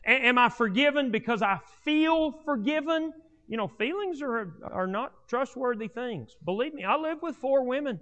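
A man preaching a sermon in an animated way, often repeating and restarting phrases for emphasis, as a preacher before a congregation. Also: very high-pitched, normal speed. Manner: animated, repetitive restarts, rising emphatic delivery. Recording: long hall reverb.

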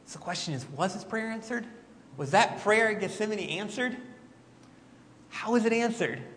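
A man's voice: high voice, lively intonation, moderate pace, a bit bright. Man teaching Bible class in echoey hall. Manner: reads scripture aloud and asks the class questions. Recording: reverberant hall with faint background noise.

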